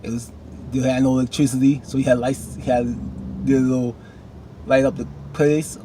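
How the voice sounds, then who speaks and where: Man, casual TV recap, animated, faint background hiss. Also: medium pitch, moderate pace. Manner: animated, talks back to characters with rising outbursts. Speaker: TV recap vlogger.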